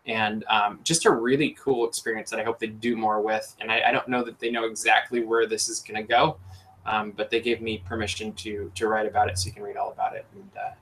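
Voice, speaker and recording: A man's voice: lowish voice, little pitch movement, a little fast, fairly bright tone, slight background noise, rough recording. A man hosting a casual podcast chat, enthusiastic and rambling with lots of fillers. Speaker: podcast host.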